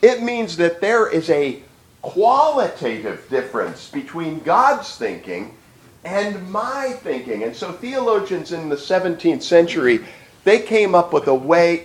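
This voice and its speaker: In a room full of echo, a man with a fairly high-pitched voice preaches a teaching sermon. The pastor speaks with emphasis, circling back over phrases as he works through his thoughts in lecture fashion.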